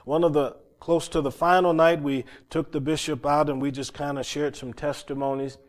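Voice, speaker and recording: A man preaching and telling stories, often repeating words and climbing louder as he gets worked up. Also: fairly high pitch, level tone, normal speed. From North Carolina, USA. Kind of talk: sermon storytelling.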